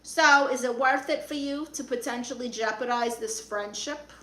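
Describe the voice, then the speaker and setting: A woman's voice: fairly high pitch, sharp tone. A woman playing a sassy New York aunt. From Brooklyn, New York. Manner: sassy, quick comebacks, reads chat aloud. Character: brassy, sassy middle-aged aunt playing self-styled therapist. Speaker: live streamer reading viewer comments. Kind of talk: comedic improvised live stream.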